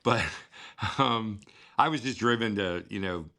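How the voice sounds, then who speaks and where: A man's voice: lowish voice, measured pace, creaky, bright, forceful tone. A middle-aged man from the United States, a father telling a long story in an interview, rambling with many fillers and acting out past dialogue. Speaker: guest, father and scuba therapy founder.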